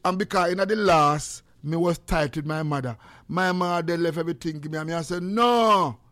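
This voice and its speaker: A high-voiced, middle-aged Jamaican man hosts a call-in radio show. He preaches and exhorts his listeners, swinging from loud outbursts to hushed asides. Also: fairly even intonation, fairly quick, dry recording. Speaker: radio talk show host.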